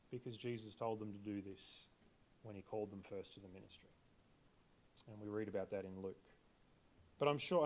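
Male preacher, mid-pitched, chatty sermon delivery that poses questions to the congregation. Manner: conversational, asks the congregation questions.

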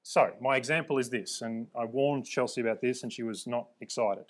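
A man's voice: medium pitch, fairly quick. A man preaching and teaching from the Bible, emphatic, repeating words for stress and checking in with his listeners.

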